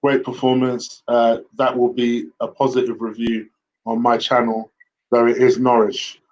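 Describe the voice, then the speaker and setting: A man giving casual football player ratings, relaxed and a little hesitant with many fillers. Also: medium pitch, a little slow, lo-fi sound, a little hiss or hum. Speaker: host football pundit.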